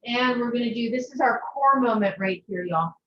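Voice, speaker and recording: Gentle woman guiding a yoga class. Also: on the high side, slight background noise. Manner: slow, gentle, soothing instructions. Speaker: yoga instructor. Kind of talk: guided yoga class cues. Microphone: video call. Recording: far-off, echoey, muffled video-call audio.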